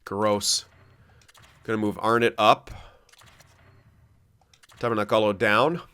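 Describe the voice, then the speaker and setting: A young man casually commentating his own hockey game, excitable, thinking aloud and swearing often. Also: on the low side, slow pace, clean tone. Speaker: gaming commentator.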